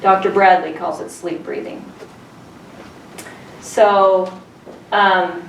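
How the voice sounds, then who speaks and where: A middle-aged woman teaching a childbirth class tells stories and asks her students questions. Her medium-pitched voice is steady and slow, with frequent pauses, and the recording sounds roomy and distant with faint room noise.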